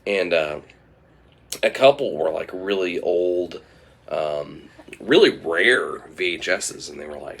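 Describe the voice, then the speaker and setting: A man's voice: low-pitched, animated, slow pace, gravelly, a bit bright. A man telling an improvised comic story in a meandering way, with lots of fillers and restarts.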